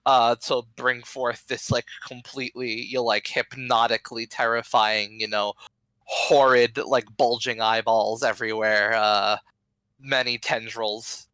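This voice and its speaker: Slow-talking bright-voiced man running a game. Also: mid-range voice, flat delivery, smooth, dry recording. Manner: halting, many ums and restarts. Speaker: game master. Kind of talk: narrating a tabletop game.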